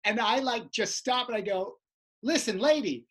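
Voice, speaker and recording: A woman podcast host telling a stage story in casual chat, acting out shouting voices. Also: on the high side, normal speed. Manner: lively storyteller who shouts out quoted voices.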